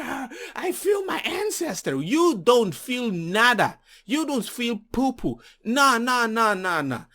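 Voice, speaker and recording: A man's voice: very high voice, a bit bright. A man from the Caribbean ranting in a jokey commentary video, mocking others as he goes.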